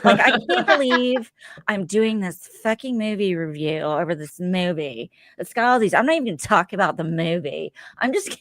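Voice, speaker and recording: A woman co-hosting a podcast, reacting to an old video in animated, laughing chat with plenty of swearing. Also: medium pitch, gravelly, dry recording. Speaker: podcast co-host.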